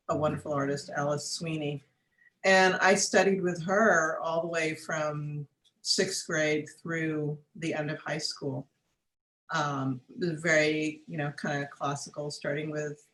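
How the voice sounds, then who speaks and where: A woman being interviewed as a guest artist, speaking thoughtfully with frequent pauses and fillers over a video call. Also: low voice, a bit bright, echoey room, rough recording. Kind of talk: conversational interview.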